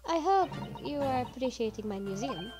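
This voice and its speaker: A woman voicing a mysterious young French woman who owns a waxwork museum, trying a French accent and reading in a slow, stately way. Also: fairly high pitch, expressive, natural voice. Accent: attempted French accent. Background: game music.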